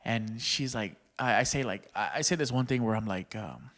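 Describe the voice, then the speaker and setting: A man's voice: on the low side, normal speed, fairly bright tone. Profane, laughing comedian guy from Texas. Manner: profane, slangy, laughs often. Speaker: stand-up comedian guest. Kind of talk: casual podcast storytelling.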